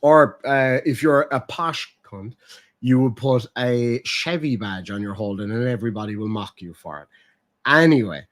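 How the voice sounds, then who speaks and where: A young man hosting a casual chat, explaining slang in a profane, animated way. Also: medium pitch, moderate pace. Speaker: streamer host.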